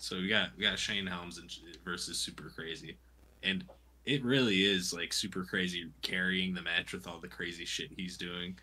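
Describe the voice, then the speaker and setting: A man's voice: low voice, bright, forceful tone, breathy edge. A man co-hosting a casual podcast, making emphatic, argumentative points about wrestling and swearing casually. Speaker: podcast co-host. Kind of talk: casual chat recapping wrestling.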